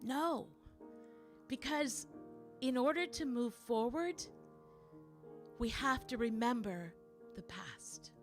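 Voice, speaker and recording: A middle-aged woman, a singer and show host, telling a story slowly and thoughtfully at home between songs on a livestream, with frequent restarts. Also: high voice, soft background music. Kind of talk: casual spoken intro between songs on a livestream.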